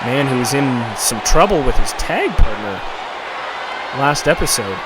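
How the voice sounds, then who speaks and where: A man doing play-by-play commentary for a video game wrestling show, getting excited and shouting at the big moments. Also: medium pitch, measured pace, very noisy. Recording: loud music and crowd behind.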